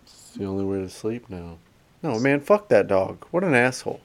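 A man's voice: on the low side, sing-song, moderate pace. A man chatting casually with a friend, laid-back, swearing casually and giving short agreeing replies. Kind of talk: casual chat.

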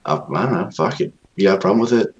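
Low-voiced and fast, a man swaps army stories in casual chat, swearing and laughing through military-style banter. The audio sounds dull.

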